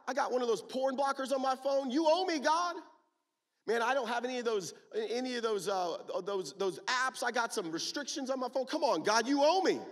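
A man voicing a resentful older brother who complains loudly to God in a raised, indignant, whiny voice. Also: a little high, big-room sound.

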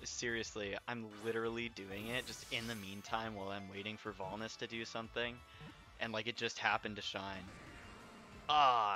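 A man with a fairly low, pushed, bright voice is streaming a video game live. He's overexcited and shaking, exclaiming and laughing between apologetic rambles, and his desk microphone is clipping.

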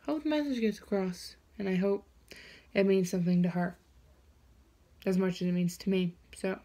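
A young woman, talking excitedly and gushingly to the camera in a casual vlog, repeating herself as she goes. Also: medium pitch, normal speed. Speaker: vlogger.

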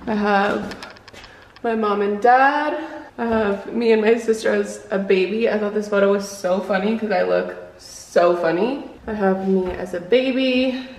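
A woman's voice: mid-range voice, a little slow, darkish tone. Chatty woman vlogging to camera. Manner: bubbly, chatty. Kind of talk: casual vlog chat to camera. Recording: noisy background.

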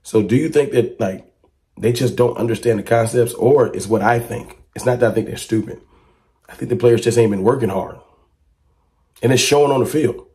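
A man giving casual fan commentary to camera, talking emphatically and asking a stream of rhetorical questions. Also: normal speed. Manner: rises to excited high-pitched exclamations when reacting to clips.

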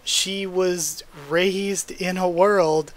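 A young man reads a comic aloud to his channel and stops often to react. His voice sits fairly high for a man, and he talks in an animated, openly emotional way. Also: drawn-out words. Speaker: channel host reading a comic.

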